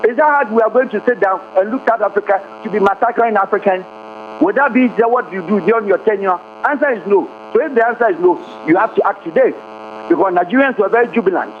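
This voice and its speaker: A man's voice: sits high, fast. A Ghanaian man speaking as a guest commentator, impassioned and firing off rhetorical questions. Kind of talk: heated interview talk. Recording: tinny phone-like line, faint hum.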